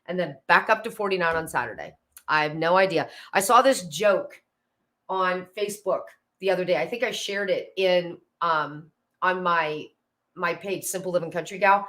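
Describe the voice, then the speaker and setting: A woman's voice: fairly low pitch, normal speed, fairly bright tone. A woman chats to her live-stream viewers from home. Her talk is casual and friendly. She drifts off on small tangents before getting to the point. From Pennsylvania, USA. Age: 50s. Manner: chatty, friendly, greets viewers by name, goes off on tangents. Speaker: host of a live decluttering stream. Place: home, indoors.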